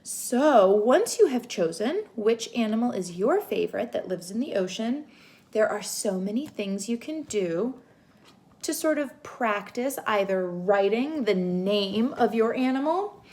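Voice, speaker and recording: A young woman giving a home literacy lesson to young children, sounding out words slowly and gently. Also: fairly high pitch, lively intonation. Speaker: teacher.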